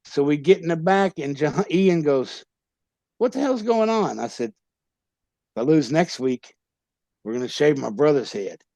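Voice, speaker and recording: Gravelly man telling stories. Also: a little high, measured pace, no room sound. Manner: animated, acts out quoted voices, swears freely. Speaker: wrestler guest. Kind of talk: casual storytelling interview.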